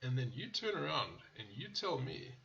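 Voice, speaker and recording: A man with a gravelly, bright voice reviews car ads casually. He talks bluntly and swears freely, and he tends to drift into rants. The recording sounds slightly dull and lo-fi. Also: fairly high pitch, very animated, moderate pace. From South Africa. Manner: blunt and profane, riffs into rants. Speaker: car channel host.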